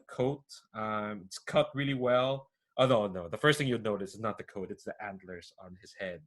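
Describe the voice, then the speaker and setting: A man's voice: medium pitch, a bit bright. Rambling male game master. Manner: rambling, many fillers and laughs. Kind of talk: narrating a tabletop game.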